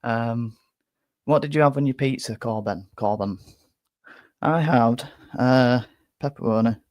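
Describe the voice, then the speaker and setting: A man's voice: mid-range voice, a little slow, a little mellow, dry recording. A man hosting a live fan reaction, talking bluntly with many restarts and a little out of breath. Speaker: fan channel host.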